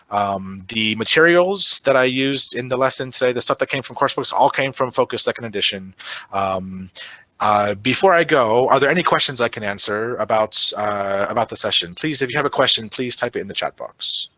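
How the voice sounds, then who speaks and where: Bright-voiced man leading a teacher webinar. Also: fairly low pitch, no room sound. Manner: chatty, frequent tag "right?" and fillers. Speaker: teacher trainer. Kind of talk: online teacher-training webinar. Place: online video session.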